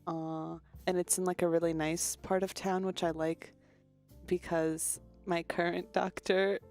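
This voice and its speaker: Chatty woman streamer, low-ish voice. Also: level tone, measured pace, mellow, faint music behind. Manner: chatty, greets viewers one by one, loses her train of thought. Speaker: virtual streamer. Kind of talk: casual chat with viewers.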